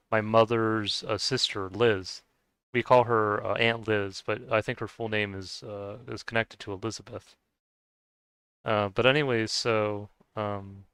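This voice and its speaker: Low, clear-voiced man rambling casually. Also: a bit bright, no room sound, poor audio. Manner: rambling, many restarts and fillers. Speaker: streamer. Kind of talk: casual chat while gaming.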